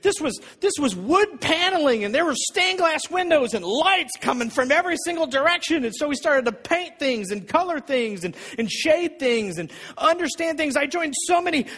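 A man preaching a sermon as pastor, telling a personal story with emphatic, repeated phrases and a husky voice. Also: very high voice, big pitch swings, moderate pace, few pauses, fairly bright tone. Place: church sanctuary. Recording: long reverb of a church hall.

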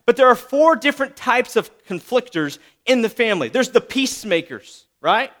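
A man's voice: very high voice, lively intonation, normal speed, a bit bright. A man preaching a sermon in a chatty, conversational way. He keeps tagging on "right?" and acts out short bits of dialogue. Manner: conversational, acts out little voices, frequent "right?".

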